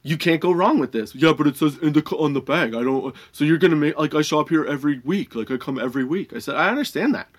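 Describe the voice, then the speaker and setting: A man casually telling stories about his old dispensary job, laid-back, swearing freely and laughing often, and high while he talks. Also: fast talker, hardly any pauses. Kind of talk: casual storytelling monologue.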